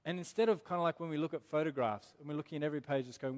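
A man preaching a sermon as pastor, earnest and emphatic, slowing down on key words. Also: on the high side. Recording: long hall reverb.

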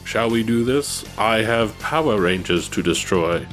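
A man's voice: lowish voice, expressive, unhurried, fairly bright tone, faint music behind. A man reading the part of a gloating, taunting male space monkey warrior in a storybook reading.

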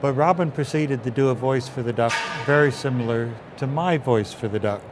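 A man from England recalls stories in an interview, slipping into other people's voices as he tells them. A steady hum of traffic noise sits under his voice. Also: mid-range voice, a little fast. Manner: animated storyteller acting out quotes. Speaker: puppeteer guest. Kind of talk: interview anecdotes.

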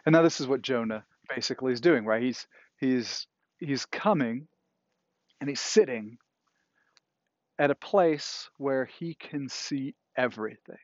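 A man's voice: medium pitch, measured pace, pauses often, dry recording, muffled recording. A man preaching a sermon in a conversational way, often checking in with "right?" as he retells a story. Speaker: pastor. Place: indoors, cool enough for a jacket.

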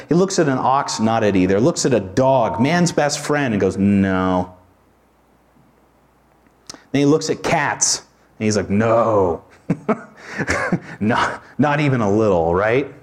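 A man's voice: on the high side, a little mellow. A man preaching an expository sermon as a pastor, talking in a conversational way with informal asides.

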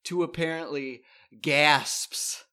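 A man co-hosting a podcast in casual chat, reacting with quick jokes. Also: fairly high pitch, steady tone, bright, forceful tone, smooth. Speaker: podcast co-host.

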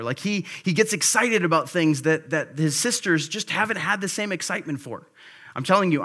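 A man in his thirties preaching a sermon as pastor, conversational and earnest, with bursts of excitement. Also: fairly high pitch.

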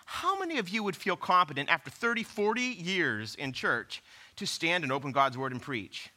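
A pastor with a slightly high voice preaches at normal speed, conversational and animated, peppering the congregation with rhetorical questions.

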